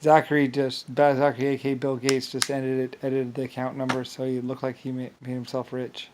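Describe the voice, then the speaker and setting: A man rants on camera in a long, rambling monologue. His delivery is agitated and profane, and he keeps tripping over repeated restarts. His voice sits at an ordinary middle pitch for a man. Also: monotone, brisk, a little mellow, a little hiss or hum.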